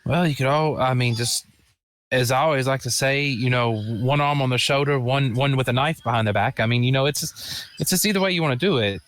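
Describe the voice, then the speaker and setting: A man's voice: mid-range voice, brisk, a bit bright. Blunt, rambling man role-playing a character. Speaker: player. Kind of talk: in-character tabletop role-play.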